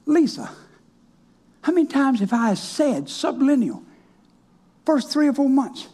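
Speaking in a very high, sing-song, mellow voice, this man preaches at a measured pace with long pauses. He's a pastor telling folksy, down-to-earth stories drawn from counseling, shifting into different voices as he quotes people.

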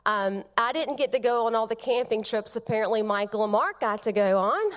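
A middle-aged woman giving a funeral eulogy, telling family stories tenderly with soft pauses. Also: fairly high pitch, animated. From Georgia, United States.

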